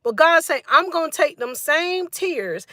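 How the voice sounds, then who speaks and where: A woman preaches on a live stream in a high, bright voice. She exhorts her viewers fervently, repeating her points and dropping in "mm" and "y'all" between lines. The sound is close and dry, with no room around it. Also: animated, a little slow, dry recording.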